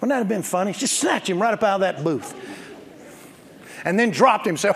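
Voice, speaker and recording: A man's voice: high voice, lively intonation, normal speed, long pauses, a crowd in the background, noisy background. A man preaching a sermon as pastor, emphatic and calling for responses from the congregation, with joking storytelling asides. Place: church sanctuary. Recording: long hall reverb.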